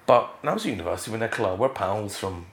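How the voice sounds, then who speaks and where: A middle-aged Scottish man, a guest in a casual interview, telling stories with lively jumps in pitch. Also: rapid-fire, roomy sound. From Scotland. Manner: animated storyteller, leaps up in pitch for emphasis.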